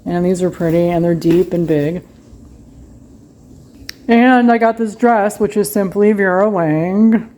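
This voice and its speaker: A woman's voice: medium pitch, unhurried, long pauses, mellow. A woman chatting casually at home as she unboxes and shows off her shopping haul. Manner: chatty, wails dramatically over a broken cup. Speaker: vlogger. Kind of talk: casual haul vlog chat.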